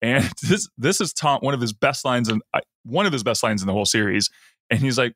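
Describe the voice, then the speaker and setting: A man's voice: mid-range voice, lively intonation, brisk, a bit bright, dry recording, clean studio sound. A man co-hosting a podcast, casually recapping an episode and acting out lines in a raised voice. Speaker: podcast co-host.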